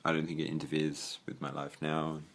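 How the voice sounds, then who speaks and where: A man's voice: extremely low pitch, completely flat delivery, brisk. A young Australian man giving a casual, rambling tour of his bedroom, swearing freely and trailing off into fillers. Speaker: vlogger. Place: own bedroom.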